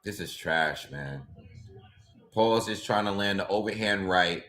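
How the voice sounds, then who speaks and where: A man's voice: deep voice, a little slow, a bit bright. A man doing live reaction commentary on a boxing fight, exasperated and ranting, with frequent exclamations.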